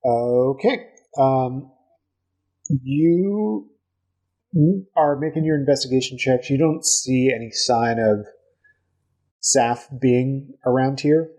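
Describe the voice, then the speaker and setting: A man runs a tabletop game as game master. He has a husky voice and narrates in a relaxed, loose way. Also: medium pitch, slow pace, pauses often, low-quality recording.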